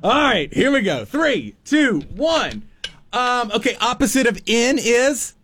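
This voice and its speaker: A man co-hosting a radio word game, halting and searching for words as he gives clues. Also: extremely high pitch, very animated, a bit bright, breathy edge. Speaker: radio show co-host.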